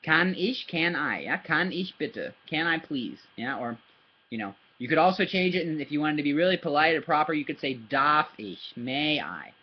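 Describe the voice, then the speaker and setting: This German tutor's fairly high, breathy, expressive voice comes through with the highs cut off as he patiently teaches a child at a normal pace. He repeats words, keeps asking "yeah?", and uses paper and his hand to show how sounds are made.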